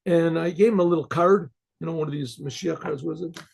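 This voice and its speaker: A man with a gravelly, husky voice and a dark tone, pitched a little high for a man. He tells his story in a rambling, animated way, often restarting his sentences. The sound comes through a computer mic on a video call. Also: moderate pace. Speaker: rabbi. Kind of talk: storytelling talk.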